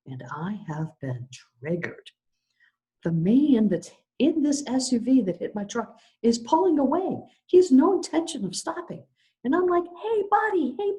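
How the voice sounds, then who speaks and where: Middle-aged lady pastor preaching, swoopy lively voice, mellow tone, acts out her story. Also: medium pitch. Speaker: minister. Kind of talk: sermon storytelling.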